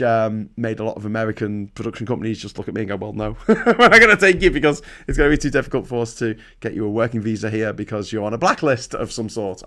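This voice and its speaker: A man from Liverpool hosting a casual livestream, rambling and swearing as he mocks himself and mixes in politics. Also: medium pitch. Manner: rambling, sweary, self-mocking. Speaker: livestream host. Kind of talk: casual live-stream chat and political commentary.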